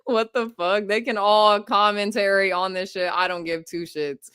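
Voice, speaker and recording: A woman's voice: mid-range voice, steady tone, normal speed, a bit bright, clean tone, dry recording, clean studio sound. A young adult woman hosting a casual stream, talking bluntly and profanely, brushing off criticism. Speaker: streamer host.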